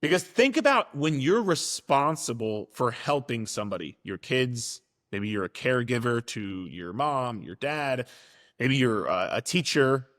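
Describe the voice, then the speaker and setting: A man's voice: mid-range voice, animated, unhurried, a bit bright, big-room sound. A man and fitness coach giving a casual, direct motivational monologue, now and then swearing for emphasis.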